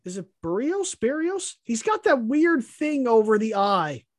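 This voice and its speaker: Male podcast co-host, animated delivery with swinging pitch, dry close mic, salty trash-talking banter. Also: moderate pace, no room sound. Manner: profane, mock-insulting, playful trash talk. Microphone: podcast microphone.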